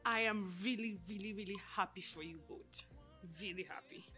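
A woman's voice: medium pitch, normal speed, pushed and bright, soft background music, lightly acted. An actress playing a supportive female friend who gushes with repetition. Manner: gushing, repetitive.

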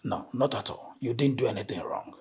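A man plays a wealthy chief with a raspy voice, measured and authoritative, his pitch moving freely as he speaks. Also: expressive. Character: wealthy, measured male head of house.

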